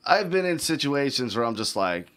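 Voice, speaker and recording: A man's voice: mid-range voice, very animated, normal speed, fairly bright tone. A man hosting a casual talk show, blunt, crude and joking. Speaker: host. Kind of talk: casual chat.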